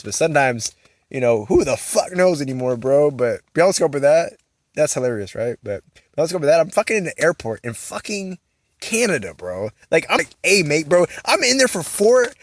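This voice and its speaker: A young male vlogger rambles through a profane story heavy on slang and fillers, saying "bro" constantly. His voice is medium-pitched, with no room sound.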